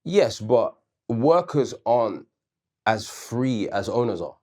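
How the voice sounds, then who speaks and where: A man's voice: medium pitch, sing-song, takes it slowly, darkish tone. A man co-hosting a casual debate show, arguing his point earnestly and backing it with questions and personal stories. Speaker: co-host.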